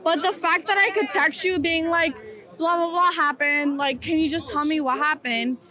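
A woman's voice: sits high, fairly even intonation, pushed and bright, a faint crowd. A young woman chatting bluntly and profanely in a street interview, outdoors on a busy street. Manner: blunt, profane, fast-talking. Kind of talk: casual street interview chat.

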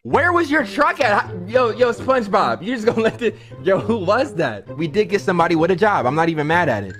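Streamer host: young man, roasts cartoons, voice a bit high and very lively, light music under him. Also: brisk. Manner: animated roasting, slangy, addresses chat as bro. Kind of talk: casual comedic commentary.

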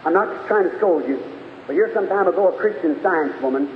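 High-voiced fervent preacher on an old tape. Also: male voice, a little fast, slight background noise. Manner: folksy, fervent storytelling. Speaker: evangelist preacher. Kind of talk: sermon. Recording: tinny, echoey 1950s sermon tape.

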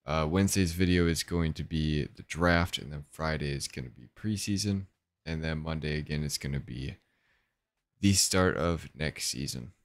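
A young man hosting his own gaming channel, giving relaxed, rambling commentary and thinking aloud as he plays. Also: a bass voice, moderate pace, no echo, studio quality. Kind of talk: casual gameplay commentary.

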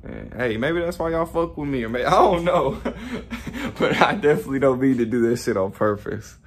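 A man's voice: medium pitch, animated, moderate pace. Rambling, profane young man vlogging. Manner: rambling, profane, self-reflective with frequent laughs. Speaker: YouTuber. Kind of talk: casual motivational monologue.

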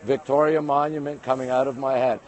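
Speaking fairly quickly in a darkish, mid-range voice with little pitch movement, a Canadian livestream host greets his audience. He holds his phone while streaming from monument steps in a busy city, reading viewer comments aloud in chatty pieces.

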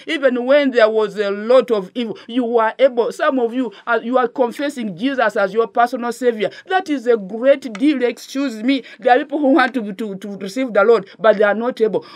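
Ugandan woman preaching with rhetorical questions. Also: on the high side. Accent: Ugandan English. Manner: exhorting with repeated rhetorical questions. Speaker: pastor. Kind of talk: sermon.

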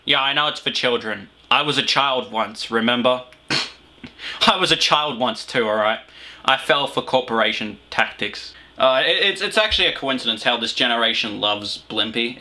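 A man's voice: mid-range voice, sharp tone. A teenage Australian man rambling through a crude, swearing reaction commentary at home. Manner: rambling, swearing, frequent fillers. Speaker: reaction video host. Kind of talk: profane comic reaction commentary. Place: small room at home with a heater running.

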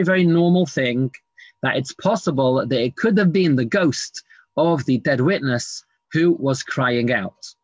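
Rabbi teaching Talmud in a dull, dry recording. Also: male voice, medium pitch, a bit bright, no room sound. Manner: reads Aramaic text then explains it in English, many fillers. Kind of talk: Talmud class lecture. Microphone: screen-sharing online class.

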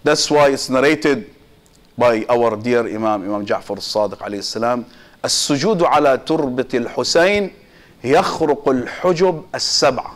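A man's voice: mid-range voice, fast. A man giving a Muharram sermon as a sheikh, with impassioned emphasis that rises and falls and quotations in Arabic. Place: community mosque hall.

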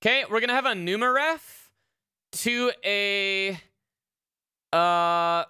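Woman live coding on stream, swears a lot, thinks out loud, slow and crisp. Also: medium pitch, no room sound, studio quality. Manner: profane, thinks aloud with fillers. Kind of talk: casual live-stream chat while programming.

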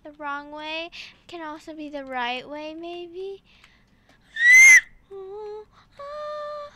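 A woman hosting casual gameplay commentary, excitable and full of exclamations as she talks to her viewers. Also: very high voice, drawn-out words. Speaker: gaming channel host.

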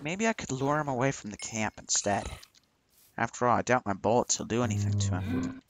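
A man's voice: mid-range voice, big pitch swings, a little fast, heavy background noise. A man voicing his game character who whispers, yelps and breaks into rising exclamations. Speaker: machinima creator voicing the lead. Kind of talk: acted game dialogue.

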